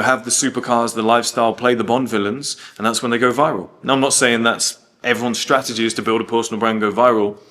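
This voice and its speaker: Blunt British man ranting casually. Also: mid-range voice. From United Kingdom. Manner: blunt, animated storytelling with swearing and quoted dialogue. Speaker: host. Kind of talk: casual monologue.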